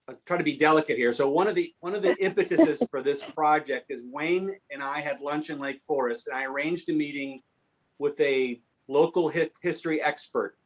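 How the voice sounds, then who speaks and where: A man telling anecdotes at a history talk, answering a question and acting out the people he quotes. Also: on the high side. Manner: animated, acts out quoted voices. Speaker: guest speaker on local history. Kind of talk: storytelling in a Q&A.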